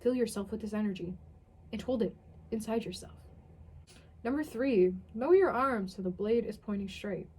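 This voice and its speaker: A woman's voice: medium pitch, moderate pace, long pauses, warm tone, husky. A young woman reading a strange ritual text aloud and commenting on it. Tired, sardonic and swearing often. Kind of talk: dramatic reading with casual commentary.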